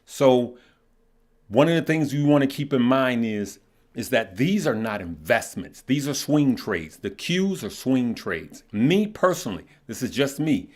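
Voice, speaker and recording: A middle-aged man hosts a live market chat in an easy, rambling way. His voice sits at an ordinary middle pitch. He restarts phrases and keeps asking his viewers "right?". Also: big pitch swings, measured pace, darkish tone. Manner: loose and conversational, repeats words, lots of "right?" and "okay?". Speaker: stock market show host. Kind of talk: casual live-stream chat reading viewer comments.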